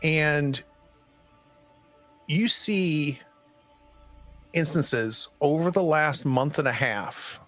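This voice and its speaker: A man's voice: on the high side, extremely slow, pauses often, pushed and bright, faint music behind. A man running a tabletop horror game as game master, hesitant and full of ums and restarts.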